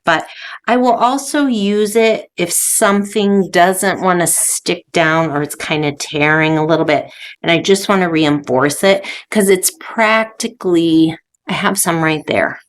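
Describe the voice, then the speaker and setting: A woman vlogger chats casually about her craft supplies from a home studio, easygoing and a touch low in pitch. She fills her sentences with relaxed "um"s. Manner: chatty, easygoing, many "um" fillers. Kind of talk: casual chat.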